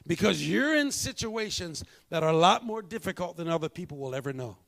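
A male pastor preaching a sermon, telling a story and moving between hushed, slow moments and emphatic bursts. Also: high voice, lively intonation, creaky.

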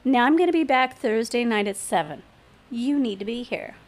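A woman's voice: on the high side, expressive, normal speed, pitched above the performer's own voice. A woman reading aloud, voicing a bossy woman bartender who taunts and gives orders. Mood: commanding. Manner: taunting, commanding.

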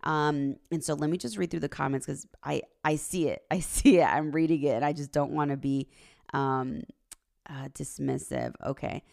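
A woman in her thirties hosts a casual relationship livestream, with a low voice and a gravelly, creaky edge. She talks earnestly about faith and values, tosses in "right?" and "like", and laughs easily as she tells stories. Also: moderate pace. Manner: earnest, faith-based, uses "right?" and "like" often; animated storyteller, laughs easily. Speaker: relationship coach and host. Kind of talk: casual livestream talk, reading viewer comments.

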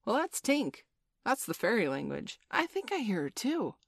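A cocky, merry young boy, as a woman reader puts him on, bragging in a raised, bouncy storybook voice. His pitch leaps about eagerly from word to word. The sound is dry and close. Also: moderate pace, creaky, no echo, full character voice. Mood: boastful. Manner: bright boyish storybook voice, lively and proud.

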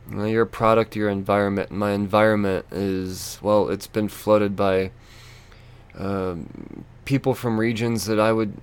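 A man hosting a solo podcast, ranting in a frustrated, profane way with lots of halting restarts. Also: lowish voice. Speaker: podcast host.

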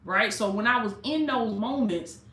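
A woman's voice: a little high, moderate pace, a bit bright. A woman preaching a live-streamed sermon, fervent and talking straight to her listeners, a little jittery from coffee. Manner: fervent preaching with casual direct address. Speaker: life coach and preacher. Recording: echoey room.

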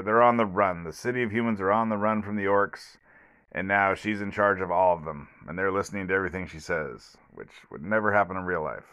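Rambling low-voiced man podcasting alone. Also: fairly bright tone, clear, resonant tone, lo-fi sound. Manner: rambling, with many fillers and restarts; blunt, sarcastic commentary. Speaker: podcast host. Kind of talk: solo podcast review. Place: at home, alone.

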